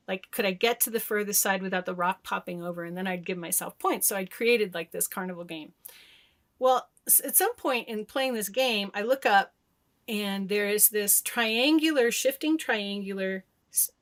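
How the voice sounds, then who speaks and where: A woman from Michigan, a guest on an interview podcast, telling stories in an animated way, laughing often and acting out what people said. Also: mid-range voice. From Michigan, USA. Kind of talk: casual interview storytelling.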